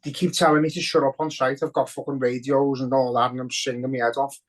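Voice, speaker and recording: A man's voice: medium pitch, flat delivery, quick pace. Sweary Scouse man ranting. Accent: Liverpool. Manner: heavy swearing, emotional and ranting. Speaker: podcast co-host. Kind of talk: casual podcast chat.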